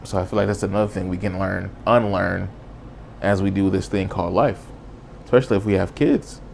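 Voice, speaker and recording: A man with a low, deep voice and a gravelly edge hosts a solo podcast. He talks in an earnest, reflective way, casual and loose, dropping "bro" as he goes. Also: steady tone, fairly quick, a little hiss or hum. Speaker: podcast host.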